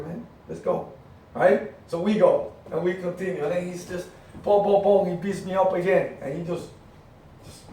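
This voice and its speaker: A middle-aged man leads a motivational training for his team, driving his points home with emphatic repetitions and lively storytelling. His voice sits a little high for a man. He is recorded from across a strongly echoing room with a faint hiss of noise. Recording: very echoey room, far from the mic, faint noise.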